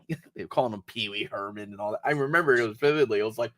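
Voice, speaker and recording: A man co-hosting a wrestling podcast in casual chat, excitable and often stammering through restarts. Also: lowish voice, fast, dry recording, studio quality. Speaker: podcast co-host.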